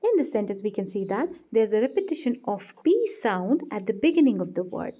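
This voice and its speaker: A woman teaching literary terms in a scripted lesson, explaining clearly and reading example lines slowly and deliberately. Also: medium pitch, very animated, dark tone.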